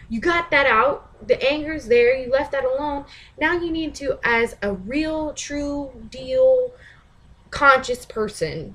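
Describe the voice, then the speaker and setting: Woman, slightly high-pitched, casual vlog monologue, profane, blunt, laughs a lot, animated. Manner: animated, mimics others in shouted asides. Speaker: vlogger.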